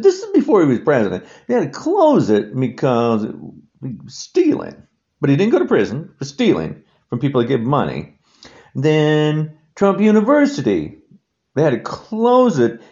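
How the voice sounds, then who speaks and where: A man's voice: mid-range voice, dark tone, dull audio. A man hosting a solo podcast, talking in an emphatic, repetitive, indignant rant. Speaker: podcast host.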